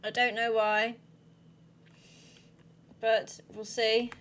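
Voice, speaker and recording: A woman talks through a horror game in a let's-play, chatting, reacting aloud, and reading on-screen text. Her voice sits a little higher than average. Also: level tone, drawn-out words, fairly bright tone. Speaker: gaming video host.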